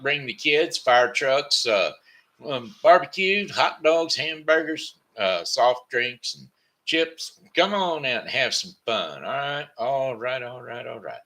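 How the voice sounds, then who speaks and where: This Missouri man sounds sleepy and worn out as he rambles through his daily home show, often repeating himself and fixing his words. He speaks slowly in a mid-range voice with lively intonation and a pushed, bright quality.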